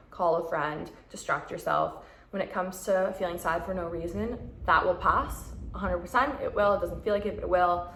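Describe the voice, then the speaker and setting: A young Canadian woman vlogger offers frank, chatty advice and acts out the thoughts she quotes. Her voice is lowish and creaky, and the recording has a roomy echo.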